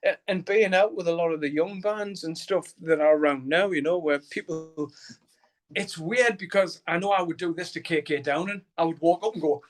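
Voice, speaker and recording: A middle-aged man with a broad Geordie accent talks in a fairly high voice. He rambles, restarts his sentences and swears freely, laughing through his stories as a guest musician. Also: normal speed. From Newcastle, England. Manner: rambling storyteller, heavy swearing, frequent laughter, many restarts. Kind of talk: casual interview chat.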